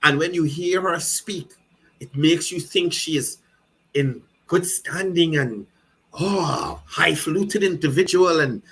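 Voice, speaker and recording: Sharp-voiced Guyanese man mocking politicians. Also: a little high, a little slow, breathy edge, poor audio. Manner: mocking, repetitive, keeps asking "you understand?". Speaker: political commentary host. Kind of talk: fiery political commentary.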